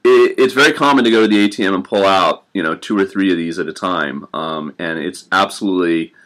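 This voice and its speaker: A man's voice: sits low, brisk, fairly bright tone. A young man chatting casually to camera in a rambling, self-deprecating way with many fillers. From United States. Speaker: vlogger living in Japan.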